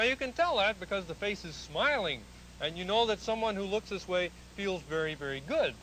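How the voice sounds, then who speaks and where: A man's voice: high voice, slight background noise, full character voice, poor audio. A man voicing a polite male frog who gives a little lecture about feelings in a puppet sketch. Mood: earnest. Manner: earnest, explaining, bursts into angry shouting.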